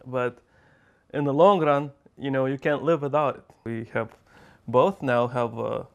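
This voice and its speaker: A man from Lithuania speaking haltingly in a casual interview, with frequent pauses and fillers. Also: medium pitch, fairly even intonation, creaky, highs cut off.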